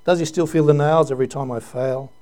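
Pastor guy preaching, pretty high voice, earnest emotional sermon w lots of questions to the church. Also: steady tone, quick pace, dark tone.

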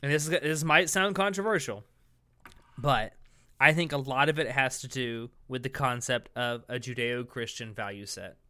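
A man's voice: medium pitch, moderate pace, pushed and bright, clean tone. A young man co-hosting a podcast, earnest and hedging, often restarting to rephrase his point. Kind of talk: casual debate chat.

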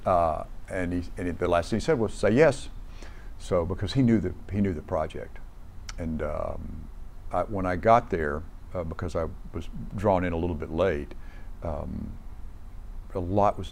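A man's voice: sits low, creaky, darkish tone, slight background noise. A man recalling a film shoot in a casual, rambling way with many restarts. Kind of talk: casual anecdote.

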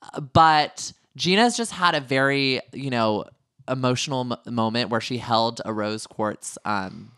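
A man's voice: mid-range voice, bright, forceful tone, smooth, dry recording. Podcast co-host, man, chatty and joking, dry booth sound. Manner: joking, chatty, quick asides. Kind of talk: casual reality TV recap chat.

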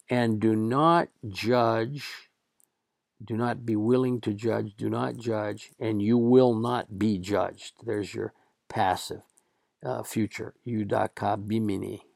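Slow gravelly male Latin teacher. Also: fairly low pitch, a little mellow, no echo, clean studio sound. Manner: slow, deliberate, reads Latin aloud then translates. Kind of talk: lecture translating scripture passages.

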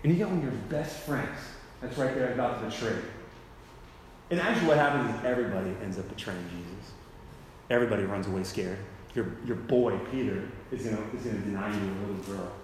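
A man's voice: lowish voice, fast, a little hiss or hum. A young man giving a casual sermon, full of slang, who acts out the people in the story as he tells it. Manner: slangy and conversational, full of "dude" and "like". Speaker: youth speaker at a church. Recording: echoey hall with faint ambience.

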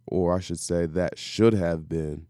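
A man co-hosting a sports talk show, speaking in a calm, measured, analytical way. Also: sits low, dry recording, studio quality.

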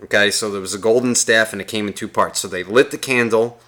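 Bright-voiced man telling a profane story. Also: lowish voice, steady tone, fast talker. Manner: acts out quotes of people in the story. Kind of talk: casual chat.

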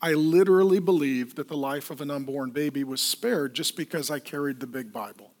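Man, pastor, sermon, lively storytelling, joking, high voice. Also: brisk. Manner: animated storytelling with self-deprecating jokes.

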